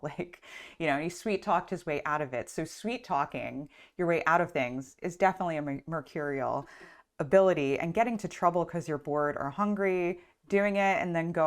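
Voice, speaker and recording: Brief: a casual female astrology teacher, slightly low pitch, rambling and conversational. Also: normal speed. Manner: chatty, lots of "like" and "um". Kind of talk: casual storytelling lesson.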